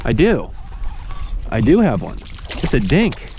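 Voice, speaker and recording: A man's voice: mid-range voice, wildly swooping pitch, unhurried, darkish tone. A man vlogging while fishing from a kayak, chatting casually and swinging between frustration and cheer. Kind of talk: casual outdoor vlog narration. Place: kayak on a lake outdoors. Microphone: action camera. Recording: noisy outdoor action-camera audio.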